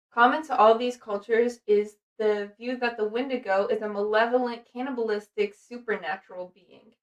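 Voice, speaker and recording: A woman's voice: on the high side, muffled recording. A young adult woman hosting a podcast, reading from notes in a rambling casual way, swearing freely and using many fillers. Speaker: podcast host. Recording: voice distant from the mic.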